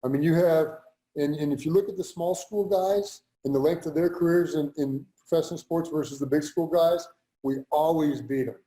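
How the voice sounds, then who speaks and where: A man's voice: a little high, normal speed, mellow, roomy sound, rough recording. A man who played pro football, talking earnestly in an interview and repeating lines for emphasis. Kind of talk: motivational interview talk.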